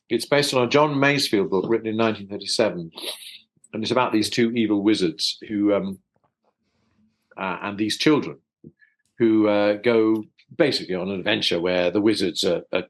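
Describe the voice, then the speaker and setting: Man from South London, fairly low voice, interview guest, thoughtful, chatty, restarts a lot. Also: gravelly, low-quality recording. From South London, England. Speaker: voice actor guest. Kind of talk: casual interview chat.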